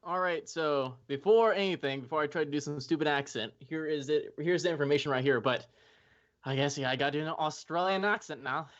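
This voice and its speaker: A man's voice: on the high side, brisk, a bit bright, muffled recording. A man joining a sports podcast remotely as a guest, self-deprecating and stumbling over his words as he jokes. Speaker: guest contributor. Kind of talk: casual podcast chat and promo read.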